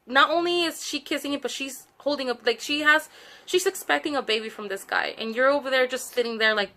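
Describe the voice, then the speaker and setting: Bright-voiced woman telling a story time. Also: a little high. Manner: chatty, many fillers, addresses viewers directly. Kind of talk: casual storytelling to camera.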